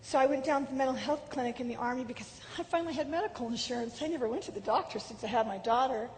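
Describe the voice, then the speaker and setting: A woman giving an animated personal testimony, acting out quoted voices, swinging from lively to low and subdued. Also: very fast. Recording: hall reverb with faint background noise.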